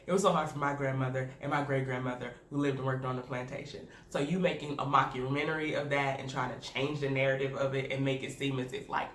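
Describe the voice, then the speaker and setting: Animated woman in an echoey room. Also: a bass voice. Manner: candid, animated, laughing often. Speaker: video reviewer. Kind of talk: casual reaction commentary. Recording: echoey room with faint noise.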